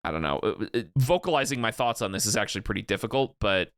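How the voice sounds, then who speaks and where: Bright-voiced man thinking aloud. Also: lowish voice, expressive, fast talker, clean tone, dry recording, studio quality. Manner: thoughtful, searches for words, laughs easily. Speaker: podcast co-host. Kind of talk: casual chat.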